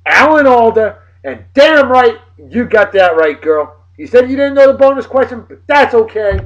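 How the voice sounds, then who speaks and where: A man from New of the region, hosting a casual video blog with boisterous, jokey shout-outs. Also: high voice, lo-fi sound. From New England.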